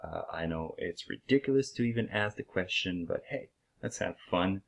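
A man's voice: low-pitched, lively intonation, normal speed, creaky. A man with a French accent, hosting his channel in a casual explanatory monologue, hesitant with many fillers and an uneven pace. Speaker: channel host.

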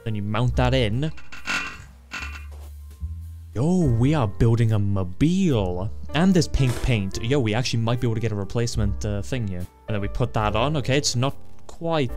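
A man giving excitable let's-play commentary, stammering, swearing and laughing often. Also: medium pitch. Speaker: gaming channel host.

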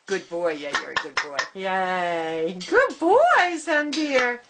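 A woman's voice: mid-range voice, big pitch swings, takes it slowly. A woman at home coaxing her pet in sing-song baby talk, with frequent gasps and laughs. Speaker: pet owner talking to her bird. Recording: noisy home camera recording.

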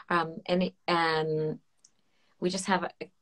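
Low-voiced woman hosting an interview. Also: lively intonation, normal speed, a bit bright. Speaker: podcast host. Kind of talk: casual interview, reading viewer questions.

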